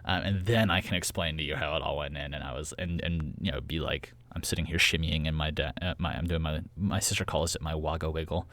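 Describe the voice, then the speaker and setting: A man's voice: rumbling low, fairly even intonation, brisk, few pauses, a bit bright, no room sound. A man hosting his own podcast in casual solo chat, rambling and giggling through tangents, recorded in a small closet. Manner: rambling, giggly, prone to tangents and silly voices. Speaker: podcast host and series creator.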